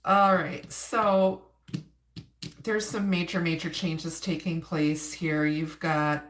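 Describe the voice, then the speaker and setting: Slow and level in tone, a lowish female voice carries an Upper Midwest accent. She's a tarot reader from Wisconsin, United States, doing a casual live-stream reading where she says hello to viewers and laughs between cards, all captured with a roomy echo.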